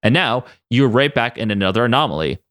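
A man voicing a calm, helpful woman tech expert in a comic story he reads aloud. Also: mid-range voice, fast, no room sound, clean studio sound.

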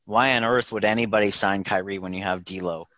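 A man's voice: on the low side, steady tone, brisk, sharp tone, dry recording. A man co-hosting a casual sports podcast, laid-back and full of "like" fillers. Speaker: podcast co-host.

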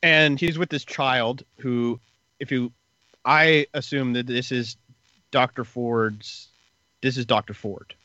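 A man's voice: mid-range voice, steady tone, slow pace, sharp tone, no echo, lo-fi sound. A man casually retelling story events in a podcast chat, rambling with lots of fillers.

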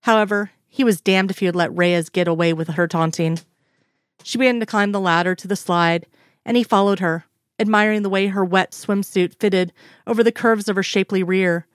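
A woman narrating a piece of fiction in a steady, even storytelling manner. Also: mid-range voice, moderate pace, no room sound, studio quality.

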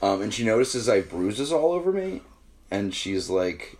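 Deep-voiced joking man hosting a podcast. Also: very animated, normal speed, darkish tone. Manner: joking, rambling storyteller. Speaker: podcast co-host. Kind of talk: casual chat.

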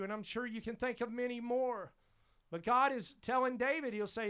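A man's voice: very high voice, expressive, moderate pace, fairly bright tone, clear, resonant tone. A man preaching a sermon as pastor, fervent and emphatic, repeating his exhortations.

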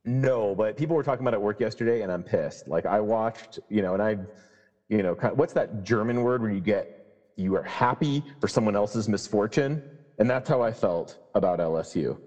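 A man's voice: fairly low pitch, normal speed, a little mellow. A man chatting wryly on a podcast video call. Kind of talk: casual chat. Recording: echoey room on a call.

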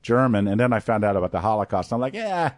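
Deep-voiced rambling man. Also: rapid-fire, noisy background. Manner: rambling storyteller, jokey, laughs often. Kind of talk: casual chat.

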